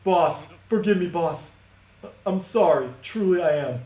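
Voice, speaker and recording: A man's voice: high voice, lively intonation, a little slow, dark tone. A man voicing a loyal young male Pianta henchman with earnest, tough-guy gangster talk. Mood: remorseful. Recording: echoey room, music behind.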